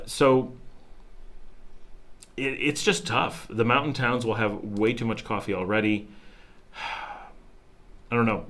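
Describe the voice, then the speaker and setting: Rambling, animated man hosting a live Q&A. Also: on the low side. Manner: animated, acts out quotes in changed voices, restarts often. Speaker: livestream host answering viewer questions. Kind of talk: casual rambling storytelling. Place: home in a town abroad.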